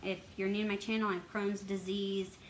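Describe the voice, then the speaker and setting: A woman's voice: mid-range voice, little pitch movement, brisk, poor audio. A woman talks straight to her viewers, open and emotional as she tells a painful personal story. Her voice sits in a middle range. A faint hiss of background noise runs under her words. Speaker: health advocacy vlogger.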